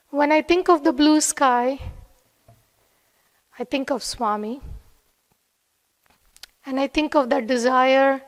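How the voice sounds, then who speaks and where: A woman giving an earnest devotional talk, telling a personal story in a soft-spoken way. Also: high voice. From USA. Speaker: devotional speaker. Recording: long hall reverb.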